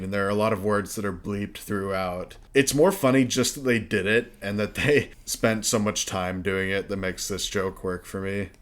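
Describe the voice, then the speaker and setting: A man co-hosting a film review podcast, talking in a measured, analytical way. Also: on the low side. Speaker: podcast co-host. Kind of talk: casual film review chat.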